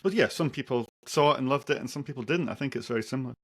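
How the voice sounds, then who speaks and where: A man's voice: medium pitch, rapid-fire, a bit bright, husky. A man speaking as a podcast guest, with a dry, joking way of talking. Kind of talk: casual conversation.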